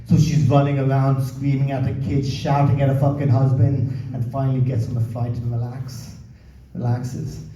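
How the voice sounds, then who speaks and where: A man's voice: medium pitch, level tone, moderate pace, mellow, slight background noise. A man doing a crude, swearing stand-up comedy set, working the crowd in a casual, chatty way. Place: comedy club stage. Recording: roomy, distant, dull club recording.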